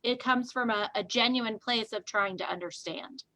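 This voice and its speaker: A woman's voice: fairly high pitch, moderate pace, pushed and bright, no room sound. A woman co-hosting a casual discussion, thinking aloud and searching for her words as she goes. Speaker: co-host.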